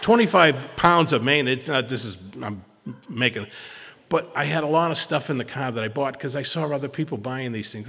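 A man's voice: mid-range voice, expressive, normal speed, bright, forceful tone, long reverb tail. Rambling man sharing at a recovery meeting. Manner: rambling storytelling with many restarts and acted quotes. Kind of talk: personal testimony at a twelve-step meeting.

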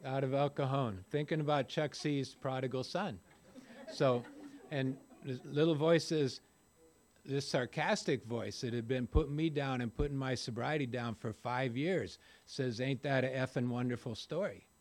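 A man's voice: medium pitch, a little slow, a little mellow. An older man speaking at a recovery meeting, telling folksy, rambling stories with self-deprecating humor. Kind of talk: personal recovery talk to a group.

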